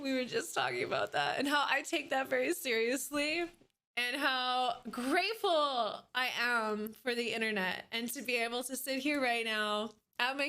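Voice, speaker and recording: A woman's voice: high voice, sharp tone. A woman streamer chatting casually on a live stream, bubbly and giggly as she greets her chat by name. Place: at home at her computer.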